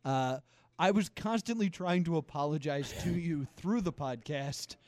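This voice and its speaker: A man's voice: a little high, measured pace, a little mellow, no room sound. A man hosting a podcast interview in a casual way, often laughing and apologizing. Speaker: podcast host.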